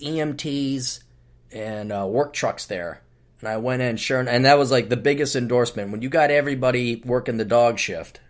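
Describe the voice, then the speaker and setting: A middle-aged man hosting a podcast, ranting solo in a blunt, profane, sarcastic way. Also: medium pitch. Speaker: podcast host.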